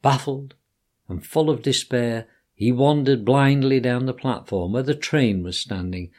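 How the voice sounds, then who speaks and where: A man reading a children's story aloud in an expressive, animated storytelling voice. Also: mid-range voice, unhurried.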